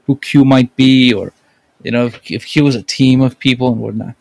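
A man's voice: medium pitch, normal speed, gravelly, darkish tone, no room sound. A man with a mid-range voice co-hosting a casual podcast chat. He talks hesitantly, trailing off with short answers. The sound is close and dry. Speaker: podcast co-host.

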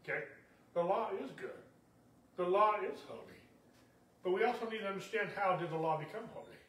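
High-voiced man preaching in an echoey room. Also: brisk, a bit bright, far from the mic. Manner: emphatic, repetitive preaching with many "okay?" asides. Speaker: pastor. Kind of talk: sermon.

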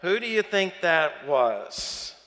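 A man's voice: high-pitched, sing-song, slow, fairly bright tone, big-room sound. A man with a Southern accent preaching a sermon as pastor, chatty and playful, quizzing the congregation.

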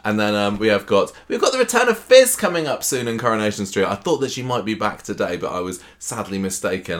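A man's voice: fairly low pitch, big pitch swings, quick pace, hardly any pauses. A man co-hosting a chatty podcast, playful and full of puns. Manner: playful, punning, teasing. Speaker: podcast co-host. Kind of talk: casual chat.

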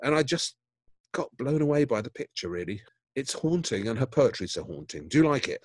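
Speaking fairly quickly with no room sound, this medium-pitched man is a podcast co-host in a relaxed conversation about art. His eagerness shows as he repeats words whenever excitement takes over.

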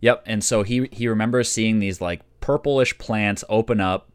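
Low smooth-voiced man recapping as game master. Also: normal speed, dry recording, clean studio sound. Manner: relaxed, loose storytelling with filler words. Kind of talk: casual recap of a tabletop game.

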